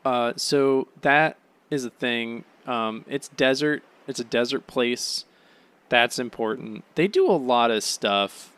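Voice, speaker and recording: A sleepy, yawning man hosting a podcast, rambling through a casual solo recap with lots of "um"s and swearing, now and then bursting into high, excited gushing. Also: slow pace, smooth. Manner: rambling, offhand, peppered with swearing and "um"s. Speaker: podcast host.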